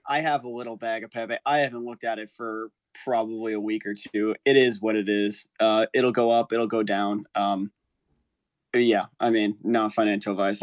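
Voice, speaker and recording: Low-voiced man reading a market update. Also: no echo. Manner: relaxed, hedging, rattles off figures.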